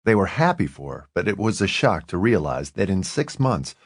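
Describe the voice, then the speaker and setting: Male audiobook narrator, low voice, lively expressive delivery, dry close mic. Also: normal speed, dry recording.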